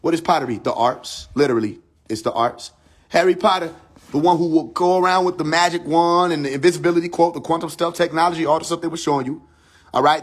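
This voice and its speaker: A man teaching spiritual ideas on a live stream from his phone, casual and profane, firing rhetorical questions and dropping from emphatic high lines to low asides. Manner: casual speech with slang and profanity.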